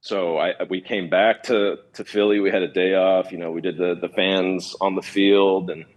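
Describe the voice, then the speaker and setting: Man, 30s, from California, very low pitch, easygoing, filler-heavy storytelling. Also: steady tone, normal speed. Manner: easygoing, many fillers and restarts. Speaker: former pitcher guest. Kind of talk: relaxed storytelling interview.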